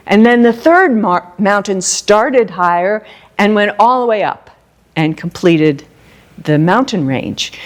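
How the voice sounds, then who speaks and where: A woman flute teacher giving a masterclass, explaining phrasing, singing short phrases and asking the class questions. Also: mid-range voice. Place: music store event space.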